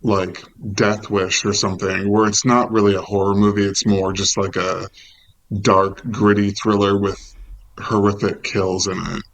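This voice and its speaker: A man co-hosting a casual film review chat, relaxed and searching for words as he talks. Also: on the low side, a little slow, poor audio. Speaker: co-host.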